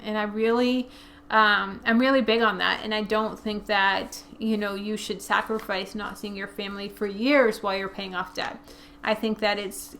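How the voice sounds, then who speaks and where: Young woman doing a casual budgeting q&a, chatty, crisp bright voice. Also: medium pitch, a little hiss or hum. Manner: chatty, conversational, frequent fillers. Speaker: personal finance channel host. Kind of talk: casual Q&A, reading viewer questions.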